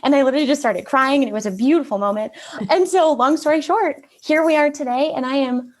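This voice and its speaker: A woman in her thirties, a marketing consultant guest, chatting casually in a bubbly, upbeat way with a naturally high-pitched voice. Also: quick pace. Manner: bubbly and upbeat, often laughs. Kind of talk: casual interview chat.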